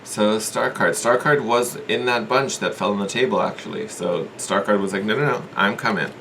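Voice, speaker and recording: Man, fairly low voice, casual tarot reading, earnest, thinks out loud, faint background hiss. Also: fairly even intonation, moderate pace, creaky. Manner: thinks aloud with hedges and repeats, earnest and encouraging. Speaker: tarot reader.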